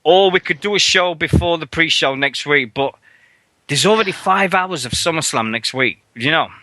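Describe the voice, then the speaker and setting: A man's voice: on the high side, moderate pace, no room sound. A man co-hosting a radio show, chatting casually and swearing a lot. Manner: rowdy, animated, acts out loud mocking voices in quotes.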